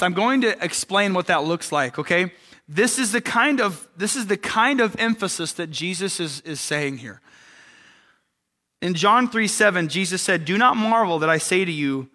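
A young man preaching a casual, animated sermon, joking with the congregation and checking in with "right?". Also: a little high, moderate pace. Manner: animated, jokey, conversational, with frequent "right?".

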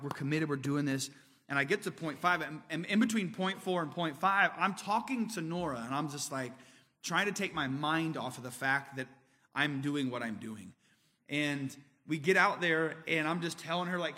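A man's voice: fairly high pitch, bright, forceful tone, in a large hall. A man from Indiana preaching a sermon as pastor, telling stories in a casual, conversational way. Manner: conversational, storytelling.

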